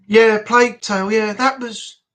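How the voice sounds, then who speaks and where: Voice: medium pitch, fairly even intonation, a little slow, a bit bright. A live-stream host, chatty and rambling, reading and answering the chat aloud.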